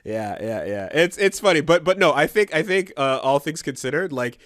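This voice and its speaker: A man's voice: on the high side, expressive, moderate pace, a bit bright, no echo, studio quality. A man co-hosting a podcast in casual banter, laid-back and rambling, swearing freely. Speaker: podcast co-host.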